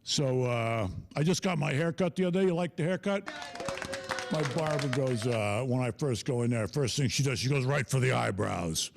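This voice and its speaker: Gravelly middle-aged man doing stand-up. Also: mid-range voice, moderate pace, a little hiss or hum. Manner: animated storytelling, laughs at his own jokes. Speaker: stand-up comedian. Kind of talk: stand-up comedy set.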